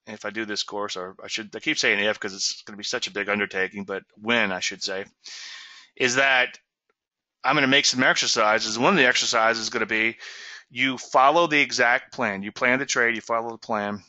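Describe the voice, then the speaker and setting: A man's voice: on the low side, fairly even intonation, fairly quick, sharp tone, no room sound, dull audio. A man hosting a trading webinar, teaching in an emphatic, folksy way and often asking "okay?" and "so what?". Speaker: trading show host.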